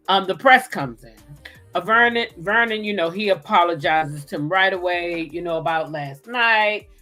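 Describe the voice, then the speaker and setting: A woman's voice: on the low side, fairly bright tone. A woman hosting a casual livestream recap, chatting loosely, greeting viewers by name and cursing freely. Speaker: host.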